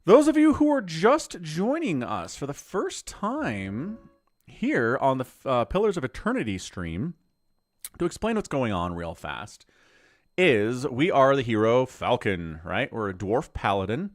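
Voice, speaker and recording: Lively chatty male game streamer. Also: medium pitch, measured pace, no echo, clean studio sound. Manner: chatty, rambling, explains as he plays. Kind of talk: casual live-stream commentary.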